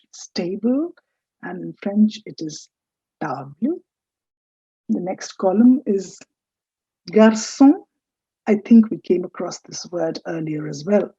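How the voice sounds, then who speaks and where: A woman teaching a French lesson, speaking slowly and patiently and repeating words for learners to copy. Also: medium pitch, warm tone, breathy edge, no echo. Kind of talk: recorded language lesson. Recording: dull lo-fi dry recording.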